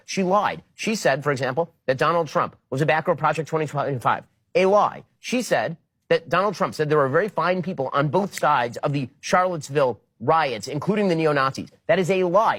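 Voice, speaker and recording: A man's voice: fairly high pitch, no room sound. A man giving insistent, emphatic commentary that runs through one claim after another. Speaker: political commentator. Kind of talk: rapid-fire commentary.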